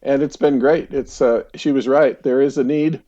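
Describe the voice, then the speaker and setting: A middle-aged American man with a warm, mellow tone speaks as a podcast guest, chatty and relaxed with plenty of ums and easy laughter. His voice comes through slightly dull and lo-fi, as over a remote call. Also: medium pitch, moderate pace. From United States. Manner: relaxed, chatty, laughs easily, frequent fillers. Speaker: counselor guest. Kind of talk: casual interview storytelling.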